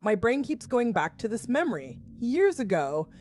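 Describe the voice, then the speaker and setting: A woman in her forties from the Southern US, a school principal telling her own story in measured, wry, confessional first-person narration. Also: fairly high pitch, very animated, a little mellow, dry recording, studio quality, soft background music.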